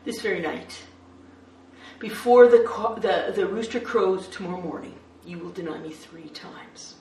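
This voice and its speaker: A woman preacher voicing a calm, firm teacher who quietly foretells a betrayal. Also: mid-range voice, unhurried, gravelly. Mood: calm warning. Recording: roomy echo, distant mic.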